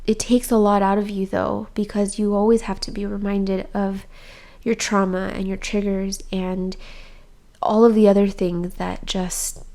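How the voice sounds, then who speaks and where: A young woman speaking straight to her audience in a personal vlog, unhurried and a little gravelly. Her tone is soft and open-hearted, and her sentences are loose and full of "um" and "like". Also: medium pitch. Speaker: vlogger. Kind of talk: candid personal vlog talk.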